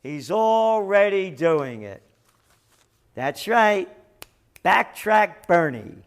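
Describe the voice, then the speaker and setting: A man's voice: a little high, big pitch swings, very slow, long pauses, clean tone. A middle-aged man delivering opinionated news commentary, sarcastic and emphatic.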